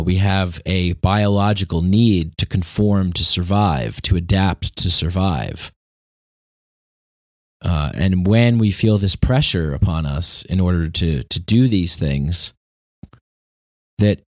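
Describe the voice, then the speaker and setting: A man's voice: deep voice, darkish tone, dry recording, clean studio sound. A man hosting a podcast, talking in a rambling, reflective monologue full of restarts and laughs. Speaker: podcast host. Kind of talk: casual monologue.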